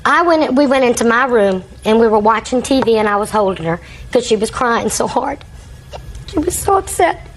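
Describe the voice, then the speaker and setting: A woman's voice: fairly high pitch, lively intonation, normal speed, slight background noise, rough recording. An older woman, a grandmother, giving long courtroom testimony as a litigant and rambling through her account while acting out what others said.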